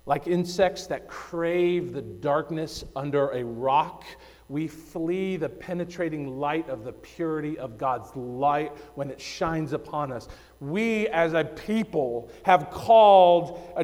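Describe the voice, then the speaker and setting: A male pastor preaching a sermon, swinging between loud emphasis and hushed, low phrases. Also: long reverb tail.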